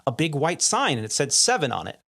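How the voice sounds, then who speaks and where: A middle-aged man, a podcast host and pilot, telling lively anecdotes in casual chat, laughing often and acting out the lines of the people in his stories. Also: on the high side, a little fast, creaky. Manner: animated anecdotes, laughs often, acts out quotes.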